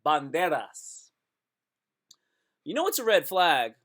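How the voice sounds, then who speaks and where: A man's voice: fairly high pitch, expressive, normal speed, fairly bright tone. A man live-streaming comedy, rambling and joking, often repeating himself.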